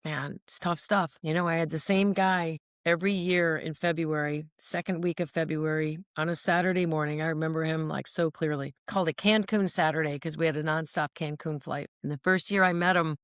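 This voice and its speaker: A woman's voice: low-pitched, fairly even intonation, a little fast, hardly any pauses, no room sound, studio quality. A woman speaking on mental health, telling personal stories in an earnest, emphatic way and often checking in with her listener. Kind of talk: personal storytelling monologue.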